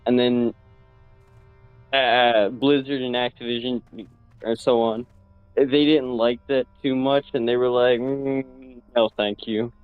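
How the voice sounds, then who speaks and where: A man's voice: medium pitch, level tone, unhurried, pauses often, smooth, no echo, phone-quality sound, soft background music. A man chatting casually with a streaming friend, joking and rambling, often losing his thread. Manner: joking and rambling, trails off mid-thought. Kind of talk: casual chat.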